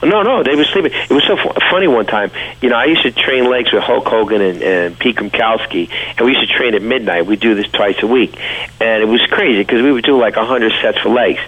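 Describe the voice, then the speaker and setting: A man's voice: mid-range voice, fairly quick, a bit bright, breathy edge, muffled recording. A man with a New York accent, a guest telling stories in a casual interview. He rambles with fillers and restarts.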